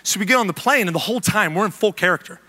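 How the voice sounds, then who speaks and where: High, bright-voiced joking pastor. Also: male voice, racing. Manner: animated, joking, preachy call-outs. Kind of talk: humorous sermon.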